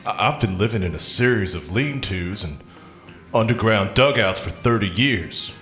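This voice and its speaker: A man's voice: fairly low pitch, expressive, normal speed, fairly bright tone, pitched below the performer's own voice. A man voicing a traumatized male survivor of an apocalypse who stammers and rants in horror. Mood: horrified. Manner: stammering, rising into frantic horror. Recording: roomy recording with faint music.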